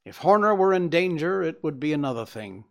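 A man's voice: fairly high pitch, big pitch swings, a little fast, creaky, pitched above the performer's own voice. A man voicing a cool, dry-witted detective explaining his reasoning, in an audiobook. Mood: measured.

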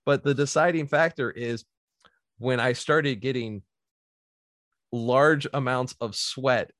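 A man's voice: medium pitch, takes it slowly, dry recording. Guy in his 30s telling a funny story, laughs a lot, dry close sound. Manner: animated, laughs often, acts out quotes. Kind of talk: casual storytelling chat.

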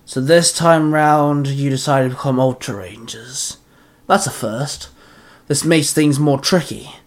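A man's voice: medium pitch, unhurried, close to an everyday voice. A man voicing a scornful villain who growls his threats, bent on wiping out humanity. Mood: menacing.

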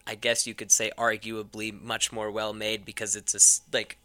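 A young male radio guest with a very bright, crisp voice that sounds close and dry in the studio. He talks in loose, chatty bursts, leaning on "like" as he goes, and laughs easily. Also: lowish voice, monotone, moderate pace, no echo. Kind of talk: casual chat.

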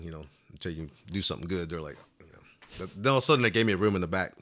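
A man's voice: lowish voice, animated, fast, a bit bright. A man telling a long story in casual interview talk, rambling along with plenty of "you know" fillers. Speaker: flute player telling a story.

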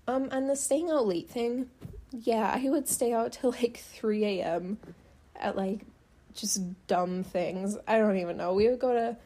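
A young woman telling a true-crime case in a loose, chatty way, full of "like" and "um". Her voice is mellow and warm rather than bright. She slips into dry sarcasm when something strikes her as wrong. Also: fairly high pitch, measured pace. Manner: sarcastic, chatty, frequent fillers. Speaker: podcast host. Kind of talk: casual true-crime narration.

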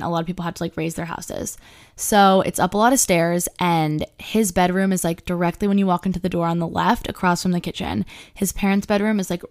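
A young woman hosting a podcast, telling a story in a chatty, casual way, full of likes and swearing. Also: lowish voice. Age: young adult. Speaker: podcast host.

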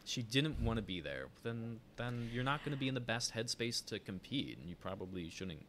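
A man's voice: medium pitch, sing-song, normal speed, a bit bright, slight background noise. A man co-hosting a casual podcast chat, giving opinions freely and reading a news article aloud. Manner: chatty, opinionated, many fillers and restarts. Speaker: podcast co-host.

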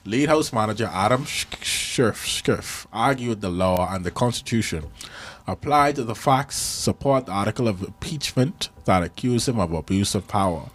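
A man's voice: fairly low pitch, lively intonation, moderate pace. Rambling male podcast host. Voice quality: rambling, digressive. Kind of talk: casual podcast chat.

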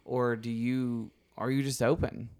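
A man's voice: medium pitch, little pitch movement, a little slow, a little mellow, clean tone. A man in his thirties with a Southern American accent, chatting casually, encouraging and often laughing. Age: 30s. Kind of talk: casual conversation.

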